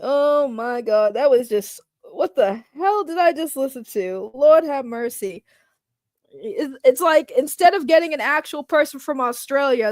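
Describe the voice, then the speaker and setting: High-voiced woman, animated and laughing. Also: measured pace, dry recording, clean studio sound. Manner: animated, laughs often, swears freely. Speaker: reaction video host. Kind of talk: casual reaction commentary.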